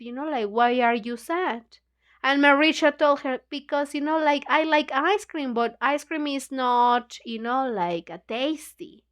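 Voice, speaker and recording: High-voiced woman slowly retelling a story. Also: fairly bright tone. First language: Spanish. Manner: retells the story loosely with many "you know, like" fillers. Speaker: book club host. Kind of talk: casual book club retelling.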